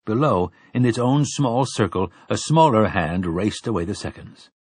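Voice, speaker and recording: A man narrating an audiobook in a steady, measured reading. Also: fairly low pitch, husky, dry recording. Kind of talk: scripted narration.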